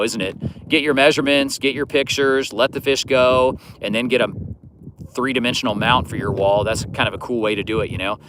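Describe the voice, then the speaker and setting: Over a noisy background, a man with a fairly low voice hosts a fishing livestream. He's easygoing, rambling casually through viewers' comments and leaning on fillers like "you know."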